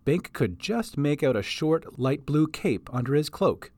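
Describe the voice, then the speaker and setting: Lively man narrating a story. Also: on the high side, a little slow, no room sound. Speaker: podcast storyteller. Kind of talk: scripted narration. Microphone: home recording setup.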